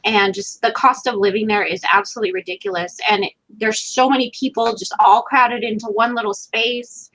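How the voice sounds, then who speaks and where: A woman's voice: medium pitch, steady tone, fairly quick, few pauses, fairly bright tone, low-quality recording. A woman chatting casually on a video call, often repeating her phrases. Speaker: video hangout participant.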